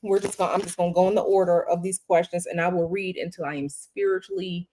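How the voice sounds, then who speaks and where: A woman's voice: fairly low pitch, steady tone, fast talker, dark tone. A woman hosting a tarot livestream from a hotel room, talking casually and chattily to her viewers and repeating herself often. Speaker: tarot reader and livestream host.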